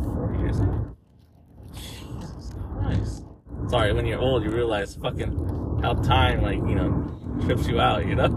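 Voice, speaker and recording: A man hosting a podcast, ranting casually about sports in rambling, profane slang while driving to work. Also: mid-range voice. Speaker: podcast host. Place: in a car on the way to work. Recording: loud car road noise.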